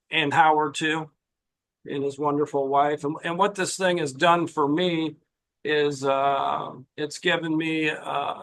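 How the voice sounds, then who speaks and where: A man giving a personal recovery share at a meeting, halting, with many fillers and restarts. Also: fairly high pitch, creaky, fairly bright tone, poor audio. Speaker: meeting attendee sharing.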